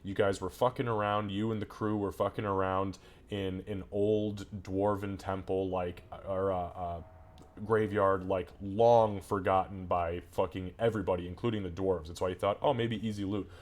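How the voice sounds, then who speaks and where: A man's voice: sits low, little pitch movement, normal speed. A man running a tabletop game as game master, narrating combat in a casual, profane way. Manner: casual, swears freely, loose descriptive narration.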